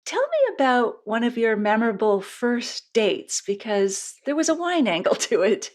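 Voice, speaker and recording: A woman hosting a podcast interview, enthusiastic and quick to laugh. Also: a little high, sing-song. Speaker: podcast host.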